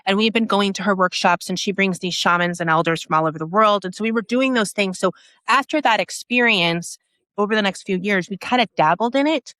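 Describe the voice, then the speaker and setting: In clean, echo-free studio sound, an app founder guesting on a podcast recounts a personal story in a casual way full of restarts. She animates it by performing others' lines and her own reactions, speaking a little fast in a mid-range, slightly bright voice.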